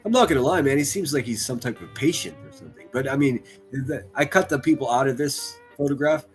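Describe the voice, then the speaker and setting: A man's voice: mid-range voice, expressive, fast, faint music behind. A man hosting a stream, ranting crudely and mocking people in exasperated bursts. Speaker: streamer host.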